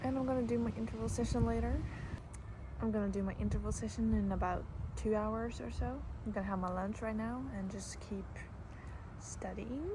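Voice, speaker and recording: A woman in her twenties vlogging in a relaxed, chatty way, talking while she walks and moves around outside. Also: on the high side, brisk. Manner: chatty, relaxed, talks while walking and moving. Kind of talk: casual vlog narration. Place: outdoors in the sun. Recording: outdoor noise behind.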